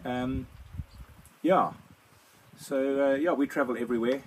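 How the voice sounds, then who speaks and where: An older South African man answers viewer questions in a loose, rambling way, circling back over the same points. His voice sits at an ordinary middle pitch, picked up by a phone camera with a faint background hum. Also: fairly even intonation, a little slow, low-quality recording. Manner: rambling, repeats himself. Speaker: overlanding vlog host. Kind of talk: casual Q&A chat. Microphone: phone propped on a wine box.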